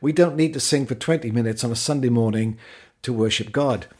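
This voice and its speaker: A middle-aged man recounts his own life in an even, measured manner. His voice sits at an ordinary middle pitch. He talks like a Christian sharing personal reflections. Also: slightly rough. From Britain.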